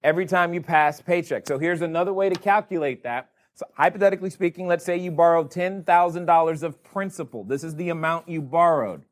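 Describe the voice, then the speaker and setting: A man with a slightly high voice leads a live seminar audience through a board game. He talks in a playful way and keeps teasing the room with questions. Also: a little fast, hardly any pauses. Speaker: real estate educator running a board game.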